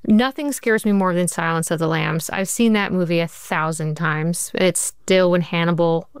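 A woman, a TV writer, answering interview questions in an animated storytelling way, acting out quoted dialogue and saying "like" a lot. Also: lowish voice, moderate pace, smooth, dry recording, studio quality. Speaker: TV writer and showrunner guest.

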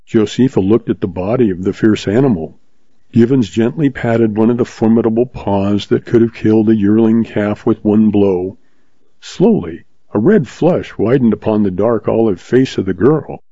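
A man narrating a story in a steady audiobook reading. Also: fairly low pitch, moderate pace, breathy edge, no echo. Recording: slightly dull, dry recording.

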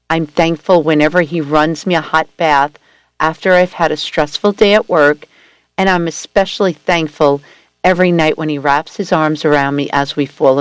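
A woman reading a first-person story aloud at a steady, gentle storytelling pace. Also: sits low, normal speed, clean tone, no room sound. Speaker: story reader.

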